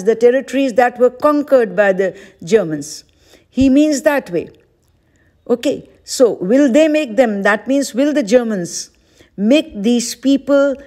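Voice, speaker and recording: A woman teaching an exam-prep lesson at an unhurried, deliberate pace. Her voice sits a little high yet sounds soft and mellow. She patiently repeats each question aloud as she works through it. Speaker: English teacher.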